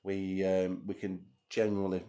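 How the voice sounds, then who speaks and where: A man's voice: low-pitched, completely flat delivery, moderate pace, dark tone. A man hosting a casual chat, teasing and crude, laughing often. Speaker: host. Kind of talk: casual banter.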